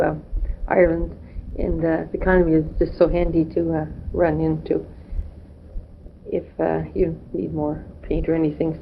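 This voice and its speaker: Middle-aged woman, homey and halting, talking into a dull old home tape recorder with faint hiss. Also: low voice, creaky. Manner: chatty, hesitant with many pauses and fillers. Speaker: family member recording an audio letter. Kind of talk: rambling homey audio letter.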